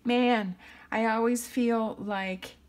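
A woman's voice: on the high side, steady tone, takes it slowly, a little hiss or hum. A woman giving a tarot reading to her viewers, thinking aloud in a reassuring way and often checking in with "okay?". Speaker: tarot reader.

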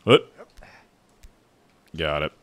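A young man streaming a climbing game, chatting casually with viewers, swearing and bursting into loud frustrated yells. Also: extremely slow. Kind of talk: casual live gameplay commentary.

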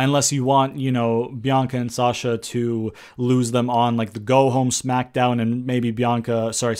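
Casual male vlogger, mid-range voice, rambling and blunt, swears freely, sarcastic edge. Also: medium pitch. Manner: rambling, with frequent ums and restarts; blunt and profane, with sarcastic jabs. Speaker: wrestling predictions vlogger. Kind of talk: casual spoken commentary.

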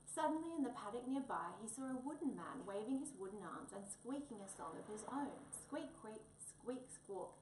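A woman reads a children's story aloud in an expressive, lilting way, her voice sitting fairly high. She sounds set back from the mic in an echoey room, with a faint background hum. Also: brisk, few pauses, recorded from a distance.

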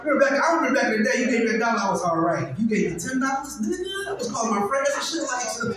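A man in his forties with a Detroit accent doing a loose, profane stand-up set in a live club, swinging from low mutters to loud shouts. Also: expressive, very fast. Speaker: stand-up comedian. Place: live comedy club stage. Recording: echoey club room, distant, crowd laughter.

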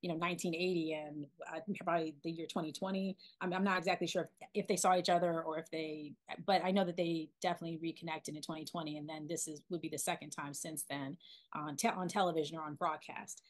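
A woman in her forties from Philadelphia, a documentary filmmaker being interviewed, talking in an animated way with many restarts and fillers. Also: deep voice, quick pace. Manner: animated, lots of restarts and "you know". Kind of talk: casual interview storytelling.

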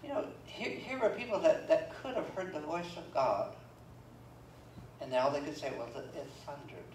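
A man's voice: a little high, sing-song, normal speed, a little mellow. A man preaching a sermon as pastor, reading scripture aloud and adding folksy, joking asides. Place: church sanctuary. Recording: roomy church echo, from far off, faint room noise.

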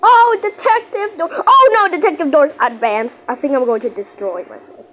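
Female gaming host, wide-ranging voice, excitable play-by-play with frantic repeats. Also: high voice, a little hiss or hum. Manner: excitable, panicky outbursts and shouted countdowns; repeats phrases rapidly under pressure. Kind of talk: live gameplay commentary.

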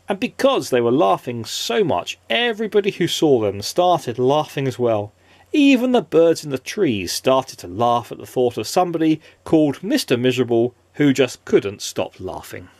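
A man's voice: a little high, no echo. A father reading a children's story aloud in a playful, sing-song way.

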